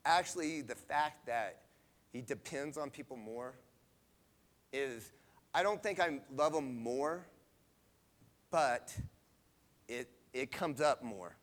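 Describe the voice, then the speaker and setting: A man's voice: medium pitch, lively intonation, takes it slowly, long pauses, fairly bright tone. A middle-aged man telling a personal story in a conversational devotional talk, often checking in with his listeners. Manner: conversational, often adds "right?". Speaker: devotional speaker.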